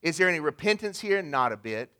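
A man's voice: fairly high pitch, big pitch swings, a little fast, bright, forceful tone. A man preaching a sermon in a conversational way, asking the congregation rhetorical questions. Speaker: pastor.

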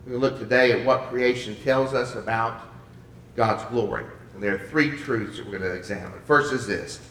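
A man's voice: medium pitch, bright, forceful tone. A male pastor preaching a sermon, emphatic, with frequent restarts and repeated words. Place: church sanctuary. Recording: echoey room, voice from far off.

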